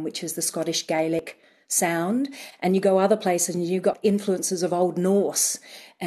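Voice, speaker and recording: A woman accent coach talks through a radio interview in a lower voice, explaining in a thoughtful, unhurried way. She fills her pauses with ums as she works out each point. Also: darkish tone.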